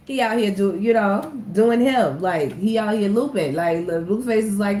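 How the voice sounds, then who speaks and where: Her voice is mid-range and dark, and she takes her time. This woman chats to viewers through a casual tarot reading, laughing a lot, in an echoey room with faint ambient noise.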